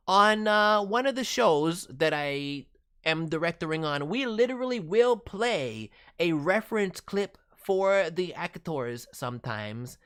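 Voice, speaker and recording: A man's voice: high-pitched, big pitch swings, a bit bright, clear, resonant tone. A man streaming as a voice actor, giving chatty, encouraging advice on demos and voice work. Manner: chatty and encouraging, many fillers and quick asides. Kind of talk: casual livestream advice.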